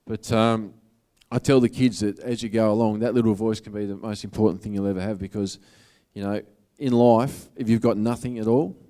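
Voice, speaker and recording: Low, mellow Australian man giving a talk. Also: steady tone, brisk, hardly any pauses, clean tone. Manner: casual, earnest, conversational. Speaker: motivational speaker. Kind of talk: public talk to an audience.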